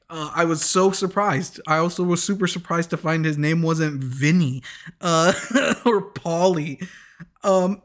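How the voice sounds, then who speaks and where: A man recapping a TV show in loose, rambling chat, quick to laugh at his own jokes. His voice sits a little on the high side. He trips over his words and restarts sentences as he goes. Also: fairly bright tone. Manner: restarts and corrects himself often.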